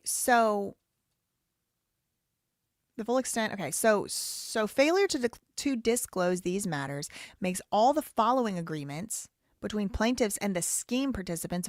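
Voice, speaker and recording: A woman's voice: medium pitch, expressive, measured pace, no echo, studio quality. A woman hosting a live show, reading a lawsuit aloud in a casual, rambling way, with wry asides and frequent self-corrections.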